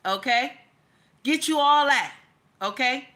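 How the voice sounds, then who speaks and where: A woman hosting a livestream lectures her chat, preachy and emphatic, repeating herself and often saying "okay?" Her voice is high, bright and forceful, with lively intonation and a slow pace.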